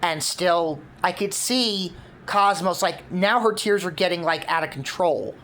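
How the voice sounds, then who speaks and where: A woman's voice: lowish voice, unhurried, fairly bright tone. A woman casually laying out her fan concept for a cartoon, rambling with many fillers. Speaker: fan video creator.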